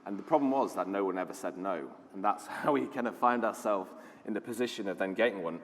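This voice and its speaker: Low-voiced british guy giving a conference talk, chatty and keen, reverb from the hall. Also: fast talker, slight background noise. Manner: enthusiastic storytelling, conversational with fillers. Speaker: conference speaker, lead designer.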